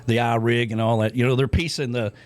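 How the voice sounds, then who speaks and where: A man's voice: medium pitch, flat delivery, brisk. A middle-aged man co-hosting a radio show in casual chat, rambling with lots of fillers and restarts.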